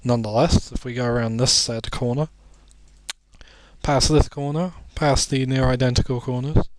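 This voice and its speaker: A man's voice: mid-range voice, steady tone, normal speed, dry recording. A sleepy man commentating a video game, rambling and making self-deprecating jokes between muttered asides. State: sleepy, yawning. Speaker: let's play commentator.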